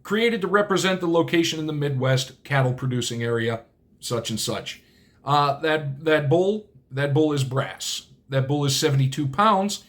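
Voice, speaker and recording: A man hosting a casual solo video, his voice sitting a little on the high side. He rambles, corrects himself mid-sentence and drops dry little asides as he goes. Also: moderate pace, fairly bright tone. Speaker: channel host.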